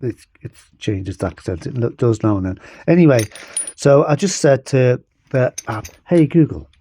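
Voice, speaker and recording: A man from the UK talks through a bike tool in a relaxed home vlog. His delivery rambles in a chatty, self-deprecating way. His voice has a mellow, dark tone. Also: medium pitch, moderate pace. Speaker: bike vlogger. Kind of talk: casual demonstration vlog.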